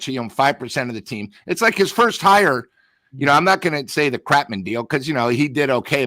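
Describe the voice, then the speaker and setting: A man's voice: medium pitch, a bit bright, dry recording. A man giving blunt, ranting sports talk, telling stories with quoted back-and-forth. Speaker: sports talk show regular. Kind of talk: heated casual sports talk.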